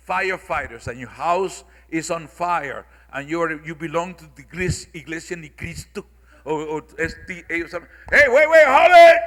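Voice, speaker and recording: A man's voice: a little high, bright, forceful tone. A man speaking at a symposium, lecturing the audience in an emphatic, repetitive, preacherly way. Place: large hall. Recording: long reverb of a large hall.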